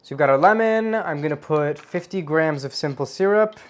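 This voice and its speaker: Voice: medium pitch, expressive, normal speed. Playful chatty cocktail tutorial host. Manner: chatty and playful, jokes at own expense; savors tastes aloud with hums. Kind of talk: home cooking tutorial.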